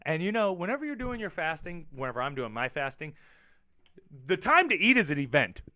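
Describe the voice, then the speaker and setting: Man, casual livestream host, rambling, profane, swooping lively delivery, crisp bright tone. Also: on the high side, a little fast, dry recording, clean studio sound. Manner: rambling, animated, profane, reacting to chat. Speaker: show host. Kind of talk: casual livestream chat with viewers.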